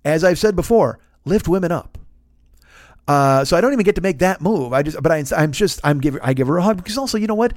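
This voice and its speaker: A man in his fifties hosting his own podcast, spinning a rambling, self-mocking story full of swearing. His voice sits fairly high for a man. The sound is close and dry, with no room around it. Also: animated, fast talker, no room sound. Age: 50s. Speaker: podcast host. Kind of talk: storytelling monologue.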